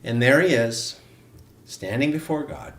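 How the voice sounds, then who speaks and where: A man co-hosting an online wellness class, telling a story in an earnest, animated way. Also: mid-range voice, unhurried, roomy sound, far from the mic, a little hiss or hum. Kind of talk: live-stream storytelling.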